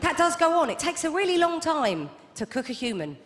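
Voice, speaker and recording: Woman in her thirties, stand-up comic, wry and deadpan, reverberant club hall, crowd laughter. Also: high voice, brisk, very noisy. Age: 30s. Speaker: stand-up comedian. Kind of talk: stand-up comedy set. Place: comedy club stage. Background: audience laughter.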